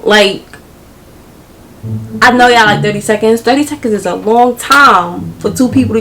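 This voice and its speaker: A young woman, telling a story to her viewers in an animated, slangy way. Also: on the high side, moderate pace, pauses often, slight background noise, rough recording. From New York. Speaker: vlogger.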